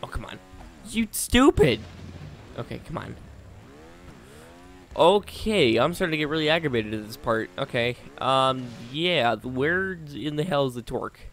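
A man giving live gameplay commentary as a gaming channel host, talking to himself and the game, swinging between low muttering and exasperated outbursts. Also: lively intonation, moderate pace, a bit bright, a little hiss or hum.

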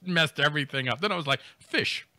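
A man's voice: a little high, lively intonation, moderate pace, sharp tone, no echo. A man co-hosting a podcast, reading out a news story and riffing on it with jokes, laughter and mock voices. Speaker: podcast co-host. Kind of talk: comedic news commentary.

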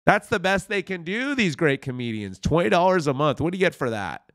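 Sarcastic man ranting with lively pitch. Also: brisk. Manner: sarcastic and mocking, with exaggerated fake enthusiasm; speaks directly to viewers as friends. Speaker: commentary host. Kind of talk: ranting reaction commentary.

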